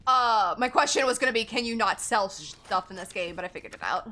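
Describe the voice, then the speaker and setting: Casting: woman game streamer, chatty, quick to self-correct, bright voice. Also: mid-range voice, expressive, a little hiss or hum. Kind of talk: casual gameplay commentary.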